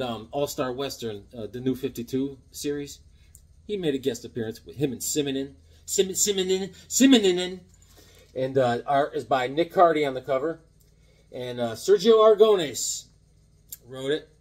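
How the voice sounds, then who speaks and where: A man in his seventies chatting casually and enthusiastically while showing off his haul of old comic books, rambling and joking as he goes. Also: medium pitch. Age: 70s. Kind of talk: casual haul video chat.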